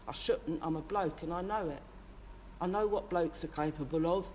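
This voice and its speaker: A woman's voice: lowish voice, moderate pace, darkish tone, slight background noise, natural voice. A woman playing a brash, sweary working-class London man in a comic monologue, rambling and impassioned, with a London accent. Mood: impassioned rant. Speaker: character monologist. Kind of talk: comic character monologue to camera.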